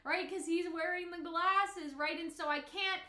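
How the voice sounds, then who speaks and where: A woman's voice: very high voice, steady tone, measured pace, sharp tone, echoey room. A woman giving casual reaction commentary on an anime, talking in a chatty, emotional way full of fillers, at her computer at home.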